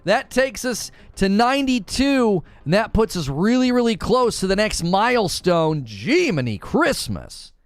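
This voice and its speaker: A man hosting a casual live stream, animated and jokey, often yelling. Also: high-pitched, unhurried, few pauses, no room sound.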